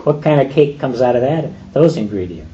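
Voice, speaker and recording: A man's voice: mid-range voice, expressive, normal speed, warm tone, slight background noise. A man preaching a sermon, emphatic and full of rhetorical questions, on a dull lo-fi recording.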